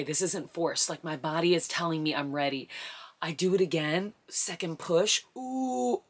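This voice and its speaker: Breathless excited woman retelling a story. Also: fairly low pitch. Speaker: vlogger. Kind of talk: animated storytelling to camera.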